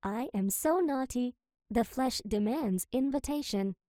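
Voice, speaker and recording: A woman's voice: on the high side, animated, measured pace, warm tone, no room sound, clean studio sound. A woman voicing a sweetly menacing, childlike female machine who sounds mock-innocent and coldly polite. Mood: teasing. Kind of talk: reading character lines with spoken stage directions.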